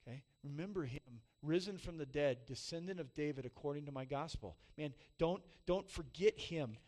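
A pastor in his forties delivers a sermon, sharing a self-deprecating personal story that swings between loud peaks and soft, emotional dips. His pitch is fairly high and his pace moderate.

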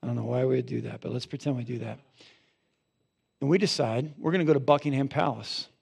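A man who is a pastor, preaching a sermon with animated storytelling and then leading a quiet prayer in a church. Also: medium pitch, fast talker, vocal fry, slightly rough. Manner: animated storytelling, rising loud for emphasis, dropping soft in prayer. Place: church sanctuary.

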